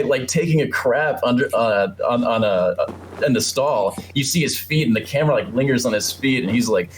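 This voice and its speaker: A man's voice: medium pitch, lively intonation, moderate pace, a little hiss or hum. A man talking about movies as a podcast guest, stammering and repeating words, often laughing. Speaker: guest filmmaker. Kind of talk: casual podcast chat.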